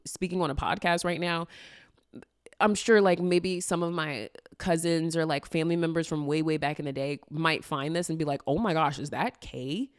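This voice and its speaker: A woman's voice: deep voice, fairly even intonation, normal speed, clean tone, dry recording, clean studio sound. A young adult woman hosting a casual podcast, rambling candidly with lots of fillers and the odd swear word. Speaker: podcast host.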